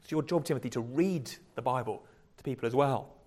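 A man's voice: mid-range voice, fairly quick, darkish tone. A man preaching a conversational sermon, often restarting words and chuckling lightly.

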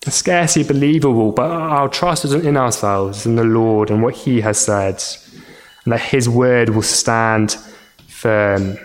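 A man preaching a sermon at a mid pitch, earnest and plainly spoken. He tends to repeat words as he restarts a thought, and his pitch climbs when he presses a point. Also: unhurried. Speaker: pastor.

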